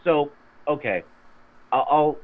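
A man co-hosting a fitness podcast, gruff and teasing, rambling with restarts. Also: fairly high pitch, takes it slowly. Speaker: podcast co-host. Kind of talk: casual podcast chat. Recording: tinny phone-like sound.

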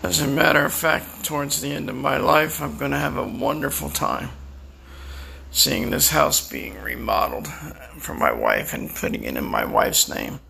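A man's voice: mid-range voice, expressive, moderate pace, creaky, sharp tone, slight background noise. A man delivering a bitter, defiant personal rant, swearing and taunting his enemies. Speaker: vlogger. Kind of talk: angry personal rant to camera.

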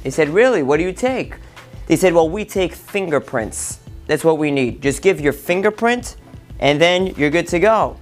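A man's voice: on the high side, moderate pace, soft background music. A man, a rabbi hosting a podcast, tells a parable, jumping into his characters' lines as he narrates. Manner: animated storyteller, acting out characters' lines. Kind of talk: storytelling a parable.

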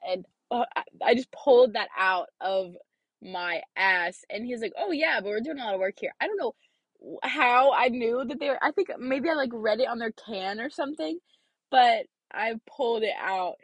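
A woman's voice: on the high side, normal speed, dry recording. A young woman in her twenties, a student, telling a rambling, filler-heavy story in a casual vlog, a bit congested. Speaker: student vlogger.

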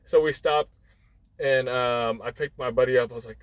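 A young man serves as guest storyteller, recounting a rambling personal anecdote in casual chat with many fillers and restarts, acting out what people said. His mid-range voice has fairly even intonation and a moderate pace. There's no echo, but the audio is poor.

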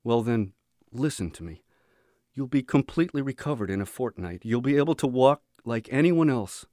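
A man reading aloud and voicing a calm, gentle doctor who soothes a frightened patient. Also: mid-range voice, normal speed, no room sound, studio quality, lightly acted. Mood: reassuring. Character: calm reassuring middle-aged male camp doctor.

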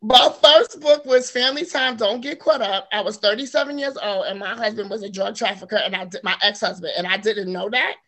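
Bright-voiced animated woman author. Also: mid-range voice, a little fast, hardly any pauses. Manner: animated storyteller, laughs often, acts out quotes. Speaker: author guest. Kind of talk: casual interview chat.

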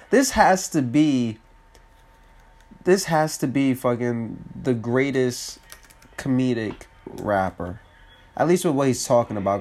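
A comedian from New Jersey, congested and sick, hosting a casual solo podcast, swearing freely, mocking himself and laughing often. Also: male voice, mid-range voice. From New Jersey, USA.

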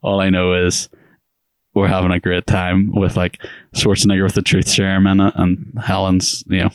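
Give me a deep-voiced man co-hosting a casual movie podcast, rambling and laughing. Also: completely flat delivery, moderate pace, smooth, no room sound, studio quality. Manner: rambling, laughs often, acts out quotes. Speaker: podcast co-host.

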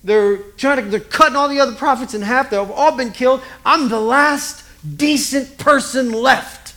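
A man's voice: extremely high pitch, normal speed, pushed and bright, pitched above the performer's own voice, heavily acted. A man doing a frantic self-pitying prophet. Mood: despairing. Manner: complaining, agitated.

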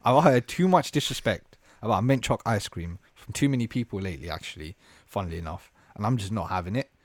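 A man's voice: lowish voice, animated, fairly quick, no room sound. A young man hosting a casual podcast with friends, bantering and laughing often. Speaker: podcast host.

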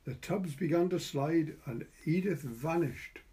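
A man with a Welsh accent reading a short story aloud in measured narration. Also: fairly high pitch, warm tone. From Wales. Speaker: audiobook reader. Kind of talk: scripted narration.

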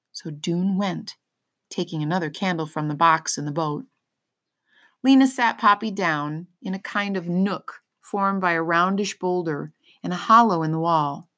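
A woman reading a children's novel aloud, pausing to explain words in plain terms. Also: fairly low pitch, a bit bright. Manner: pauses to explain words simply. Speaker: reader. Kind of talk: storybook read-aloud for children.

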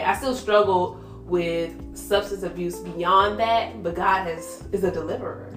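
A woman's voice: on the low side, fairly even intonation, measured pace. Candid young woman telling her testimony. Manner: candid storytelling, many "like" fillers, slangy. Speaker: guest sharing her testimony. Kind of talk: casual faith conversation. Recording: roomy echo with soft music behind.

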